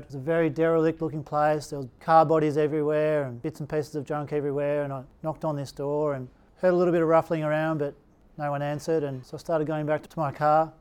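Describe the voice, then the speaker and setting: A man's voice: a little high, a little mellow, clear, resonant tone. A middle-aged man with an Australian accent, speaking in a slightly raised register. He tells a personal story in an easygoing, anecdotal manner and slips into the voices of the people he quotes. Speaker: speaker telling his story. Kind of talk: storytelling talk.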